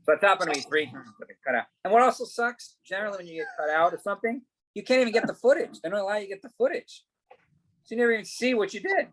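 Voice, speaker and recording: A man's voice: high voice, lively intonation, very fast, a bit bright, rough recording. A middle-aged man, an actor, telling stories in a casual interview, acting out quoted dialogue and swearing casually. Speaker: actor guest.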